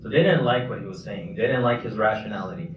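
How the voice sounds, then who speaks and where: A man's voice: on the low side, quick pace, highs cut off. A man giving a casual, conversational Quran lesson at a mosque, explaining points with loose restarts. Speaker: mufti teaching a class. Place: large mosque hall. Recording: echoey hall, distant mic, faint noise.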